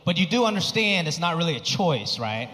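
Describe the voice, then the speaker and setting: High-pitched man doing stand-up in a hall. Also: brisk. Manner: animated, acts out other people with big pitch jumps. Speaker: stand-up comedian. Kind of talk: stand-up comedy set. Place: comedy stage before a live audience. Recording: live hall reverb with crowd noise.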